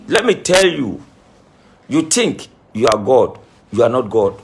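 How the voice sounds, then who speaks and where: Emphatic man scolding in a lively voice. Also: mid-range voice, measured pace, gravelly. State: says he is crying. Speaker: self-styled spiritualist. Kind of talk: impassioned monologue to camera.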